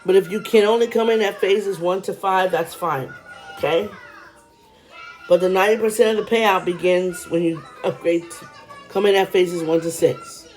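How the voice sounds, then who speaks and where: A woman vlogger explaining a money program in casual talk, reading figures quickly with chatty asides to viewers, a little out of breath. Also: fairly low pitch, steady tone, darkish tone, faint music behind.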